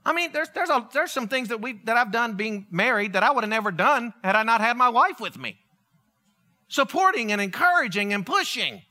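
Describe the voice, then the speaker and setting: Guy preaching, really high bright voice, bouncy and jokey. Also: fairly quick. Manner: animated, joking storytelling. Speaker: pastor. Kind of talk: humorous sermon.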